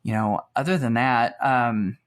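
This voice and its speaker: A man co-hosting a podcast in relaxed casual chat, with many fillers and restarts. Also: medium pitch, unhurried. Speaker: podcast co-host.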